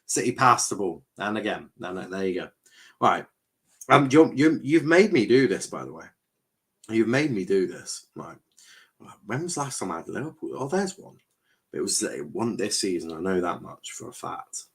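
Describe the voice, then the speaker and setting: A young man with a lowish, sing-song voice hosts a football watchalong stream at normal speed. He casually chats with viewers and reads their comments, rambling, stumbling over words and sometimes swearing.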